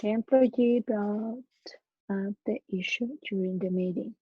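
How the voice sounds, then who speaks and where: Slow, hesitant woman learning English. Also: mid-range voice, husky, no room sound, narrow, tinny audio. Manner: hesitant, self-correcting, repeats words while thinking. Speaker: English student. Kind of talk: practicing grammar aloud.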